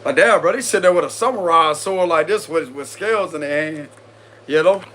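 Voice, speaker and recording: A man with a somewhat high voice hosts a casual tarot live stream, addressing his viewers in loose slang. He keeps breaking into giggles between card pulls. A faint air-conditioning hum sits behind his voice. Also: brisk, a bit bright. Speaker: tarot reader.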